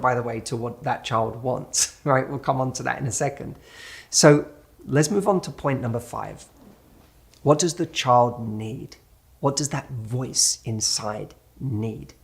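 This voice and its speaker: A man in his thirties, a dating coach, giving an earnest motivational talk straight to the listener and now and then acting out an inner dialogue. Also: mid-range voice.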